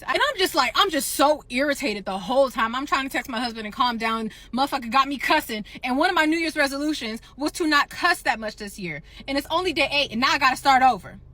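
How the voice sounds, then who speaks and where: A woman telling a gym story as a casual rant to camera, animated and profane, acting out both sides of the argument. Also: sits high. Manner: addresses viewers as "y'all". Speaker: gym-goer ranting to camera.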